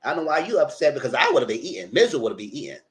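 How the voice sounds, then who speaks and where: A mid-range, slightly bright voice comes out sing-song and rapid-fire as this man recaps on his commentary livestream. He's chatty and blunt, acting out what he told the cast.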